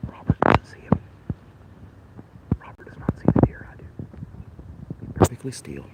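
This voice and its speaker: A man filming a casual hiking vlog on a wooded trail, often talking low or whispering as he coaxes his dog along. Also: moderate pace. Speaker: vlogger walking his dog.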